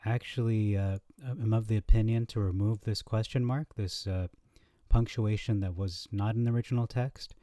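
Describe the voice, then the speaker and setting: Low-voiced man teaching scripture. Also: steady tone, moderate pace, few pauses, no room sound, studio quality. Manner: reads verses aloud, thinks out loud with fillers. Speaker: Bible teacher. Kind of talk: scripture comparison lesson.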